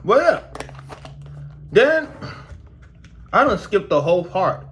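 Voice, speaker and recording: A young man vlogging casually to his viewers about his dental work, slangy and animated, his mouth still sore. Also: high-pitched, takes it slowly. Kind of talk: casual storytelling vlog.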